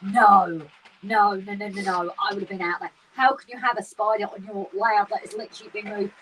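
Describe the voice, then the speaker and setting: A chatty, excitable woman co-hosting a casual livestream, her voice sitting a little back from the microphone. Faint room noise hums behind her as she talks. She laughs often and jumps between topics. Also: mid-range voice, fairly quick. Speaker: livestream co-host. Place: garden shed with model railway. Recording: slightly distant mic with faint room noise.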